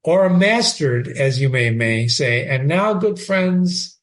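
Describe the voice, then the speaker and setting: A man reading the part of a brooding, bitter young prince in a play, with slow, lilting verse delivery. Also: fairly high pitch, lively intonation. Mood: earnest.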